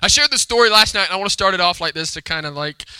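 A man preaching a lively sermon, calling out to the congregation for responses. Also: high voice, racing, smooth, no room sound. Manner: energetic, call-and-response with congregation. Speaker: pastor.

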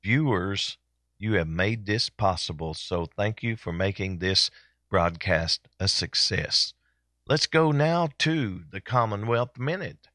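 A male host on a daily broadcast, talking casually and filling his pauses with "uh." His voice is bright and forceful, recorded close and dry with no room sound. His pitch sits a little low. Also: no room sound. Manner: relaxed, chatty, with many fillers.

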